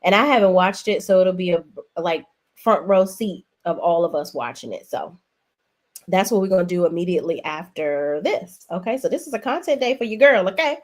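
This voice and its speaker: A woman's voice: lowish voice, lively intonation, a little fast. A woman hosting a casual livestream, chatting in a sassy, talkative way and calling her viewers "y'all". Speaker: livestream host.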